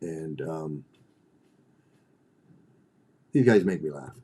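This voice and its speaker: A man's voice: extremely low pitch, lively intonation, drawn-out words, very noisy. A middle-aged man hosting a livestream, ranting bluntly and profanely, often repeating and restarting his phrases. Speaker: livestream host.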